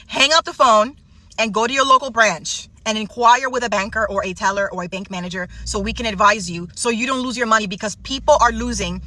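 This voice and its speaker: A woman bank worker warns viewers, pleading and emphatic. Her voice is bright and sits a little high, recorded close and dry. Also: no room sound. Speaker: bank employee. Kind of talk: urgent warning to viewers.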